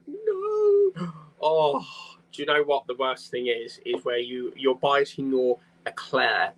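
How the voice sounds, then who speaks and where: A man talks loosely while he hosts a live craft stream and drifts from one aside to the next. His voice is bright and forceful, pitched in the middle for a man. He reads viewer comments aloud in an easy, casual way. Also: low-quality recording.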